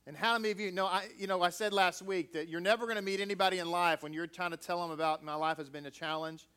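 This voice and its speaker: High, smooth-voiced male preacher. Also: fast, sharp tone. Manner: conversational, jokey asides with audience. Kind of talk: scripture reading and sermon.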